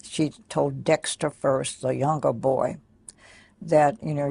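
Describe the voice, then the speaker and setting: Older woman, deeply gravelly, husky, soft-spoken, pausing often, personal recollection. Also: fairly even intonation, dry recording. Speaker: interviewee.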